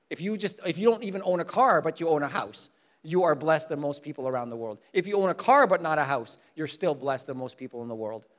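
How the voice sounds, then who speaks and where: A pastor gives a lively, humorous sermon, poking fun at himself between passages. His voice sits a little high for a man, and he stretches out key verses word by word. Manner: humorous, self-mocking, lively storytelling; slows down to stress verses. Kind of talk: sermon with Bible reading.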